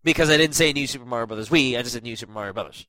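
A man's voice: mid-range voice, racing, pushed and bright, no echo, poor audio. A young man with a stuffy nose hosting a casual gaming podcast, rambling with lots of fillers and self-deprecating asides. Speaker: podcast host.

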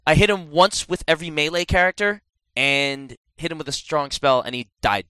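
A man in casual podcast chat about video games, animated and excitable, swearing freely with quick asides. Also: fairly high pitch, clear, resonant tone, dry recording, low-quality recording.

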